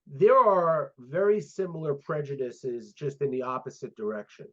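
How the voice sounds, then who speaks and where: In a casual interview, a sport psychologist guest in his fifties recounts stories with animation, voicing the dialogue himself. His pitch leans high and his speed is normal, and the recording is dull and lo-fi.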